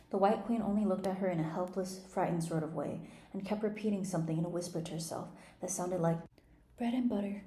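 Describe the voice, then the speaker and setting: A woman volunteer reading a children's chapter book aloud in a calm, measured way. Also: fairly low pitch, echoey room. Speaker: volunteer reader. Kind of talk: storybook read-aloud.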